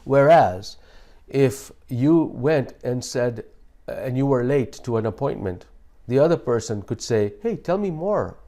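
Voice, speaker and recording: A man hosting a self-help talk, speaking in a calm, explanatory way with frequent restarts. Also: mid-range voice, unhurried. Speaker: host.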